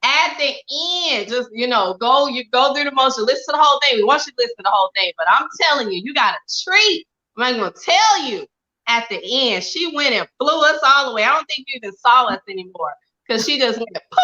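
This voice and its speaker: A woman's voice: high voice, animated, fairly quick, bright, forceful tone, muffled recording. A woman co-hosting a radio talk show, exuberant and emphatic, laughing often as she talks. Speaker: co-host. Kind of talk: excited casual chat.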